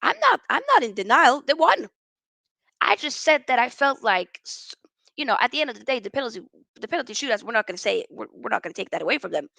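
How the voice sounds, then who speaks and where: A woman's voice: a little high, animated, fast talker, creaky, pushed and bright, no room sound. A woman hosting a live football reaction stream, ranting with exasperation and reading out viewer chat comments. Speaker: football channel host.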